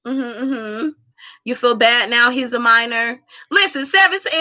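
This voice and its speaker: Lady streamer at home, high bright voice, sassy and loud-mouthed talking back to chat. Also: moderate pace. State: drinking while streaming. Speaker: livestream host. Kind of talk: casual livestream chat.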